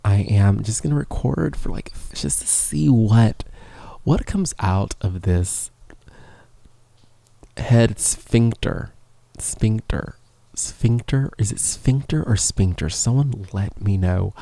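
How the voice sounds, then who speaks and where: This podcast host speaks slowly in a lowish, creaky, warm and expressive voice, rambling loosely through a casual monologue with self-mocking humor and the odd whisper. He's close to a professional studio microphone in a small studio, with no echo.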